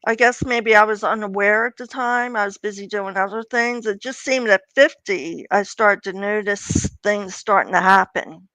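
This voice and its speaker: A woman's voice: medium pitch, normal speed, hardly any pauses, bright, forceful tone, no echo, low-quality recording. An older woman from Pennsylvania, a guest author telling personal stories in a casual interview and acting out the voices of people she quotes. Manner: chatty, acts out quoted voices.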